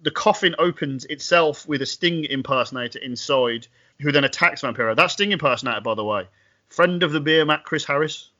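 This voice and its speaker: A man co-hosting a podcast, recapping events in a wry, animated way. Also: a little high, brisk, lo-fi sound. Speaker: podcast co-host. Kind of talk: casual podcast chat.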